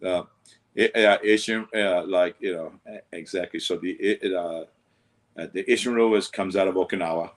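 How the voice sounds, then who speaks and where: A martial arts instructor with an Italian accent, rambling in casual chat with lots of fillers and laughs. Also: male voice, low-pitched, fairly even intonation, moderate pace.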